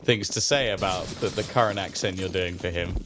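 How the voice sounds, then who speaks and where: A man doing relaxed color commentary on an esports match, analytical and quick to laugh. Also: deep voice, slight background noise. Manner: laid-back, analytical, laughs easily.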